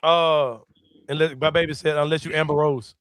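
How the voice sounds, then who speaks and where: A man hosting a casual sports-show chat, a loud, laughing storyteller who swears freely. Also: a little high, steady tone, moderate pace, smooth, no echo. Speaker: podcast host.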